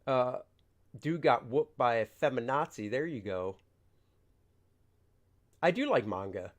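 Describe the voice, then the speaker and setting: Chatting loosely on a livestream, this comic artist reads out viewer questions and performs his panels as he rambles. His mid-range voice is unhurried, with lively intonation.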